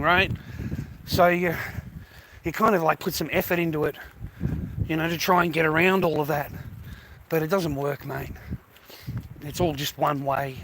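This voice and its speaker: A man's voice: fairly high pitch, steady tone, moderate pace, long pauses. A man with an Australian accent, streaming live, talking casually and rambling, swearing freely and calling everyone mate. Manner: rambling, swears a lot, says "mate" constantly. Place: outdoors in a city street and on a bus. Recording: loud street and traffic noise. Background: traffic and city ambience.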